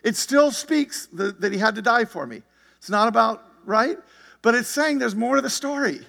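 Male pastor, conversational sermon delivery, high voice, long reverb. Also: animated, normal speed, creaky, bright, forceful tone. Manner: conversational preaching with frequent "right?" and "you see it?".

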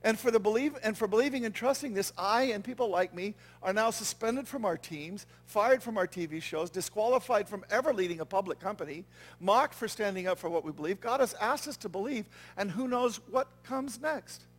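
Man, pastor, high voice, earnest conversational sermon, checks in with listeners. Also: lively intonation, fairly quick. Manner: earnest, conversational preaching with frequent "okay?" and "right?" check-ins. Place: church.

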